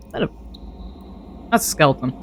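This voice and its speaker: A man's voice: a little fast, fairly bright tone, slight background noise. A man streaming a modded game, chatting casually and thinking aloud to himself as he plays. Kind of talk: casual gameplay commentary.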